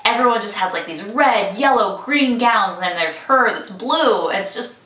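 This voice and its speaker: A woman's voice: medium pitch, animated, normal speed, bright, forceful tone, a little hiss or hum. A woman chatting enthusiastically and casually as she reviews a film trailer. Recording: echoey room, mic at some distance.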